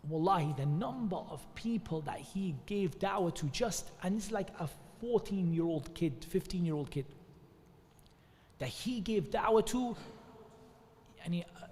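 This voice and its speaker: A man's voice: on the high side, animated, normal speed, a little mellow. A man gives an informal religious talk, conversational with many restarts and asides. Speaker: speaker giving a talk at an Islamic centre. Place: mosque hall. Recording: long hall reverb.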